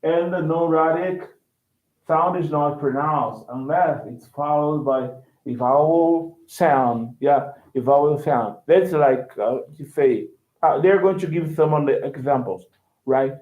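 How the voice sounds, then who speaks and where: A man whose first language is Portuguese gives a loose, lively English lesson, repeating himself and acting out examples. His voice sits a little high. It sounds thin and phone-like, with a roomy echo around it. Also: a little slow. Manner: animated, repeats words, acts out quotes. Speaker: English teacher. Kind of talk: casual lesson commentary.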